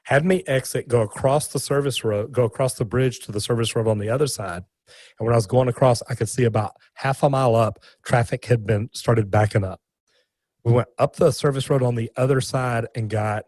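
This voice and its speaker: A man, a guest in a casual interview, telling stories in an animated, folksy way with many restarts. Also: mid-range voice, a little fast, dry recording, poor audio. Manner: animated, folksy, repeats words.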